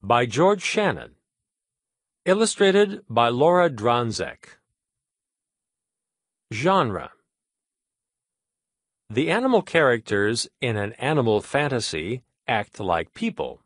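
Guy doing a slow lesson intro, lively up-and-down voice, dry close mic. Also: mid-range voice, dry recording. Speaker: lesson presenter.

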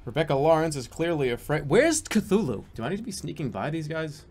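A man streams a horror game, keeping up a joking, crude running commentary. His voice sits fairly high and bounces animatedly up and down. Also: big pitch swings, a little fast, a little mellow, slight background noise. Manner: joking, crude, mocking the game's voice acting.

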